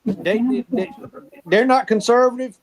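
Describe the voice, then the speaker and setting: Blunt high-voiced Southern man. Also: a little slow, a crowd in the background, rough recording. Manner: blunt, opinionated, folksy. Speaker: guest on fan podcast. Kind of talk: casual chat.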